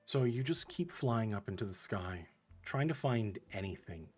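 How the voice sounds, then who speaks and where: Man narrating as a husky game master. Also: fairly low pitch, lively intonation, moderate pace, a little mellow, soft background music. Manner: vivid descriptive narration, rising intensity in danger.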